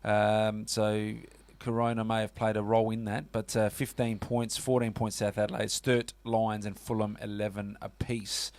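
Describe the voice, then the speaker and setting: A man's voice: lowish voice, little pitch movement, moderate pace, hardly any pauses, darkish tone. A man with an Australian accent hosting a casual sports radio show, chatty and full of fillers. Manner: chatty, lots of fillers and "mate".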